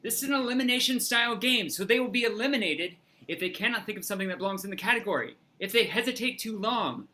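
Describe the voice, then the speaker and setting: Lively, bright-voiced improv show referee. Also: medium pitch, slight background noise. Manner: energetic, playful, quick game-show patter. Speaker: referee and game host. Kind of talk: improv comedy show hosting.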